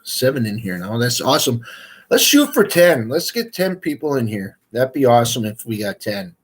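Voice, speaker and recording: A man's voice: mid-range voice, big pitch swings, normal speed, breathy edge. A man hosting a casual livestream, talking in a rambling, easygoing way with lots of fillers. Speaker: outdoors livestream host.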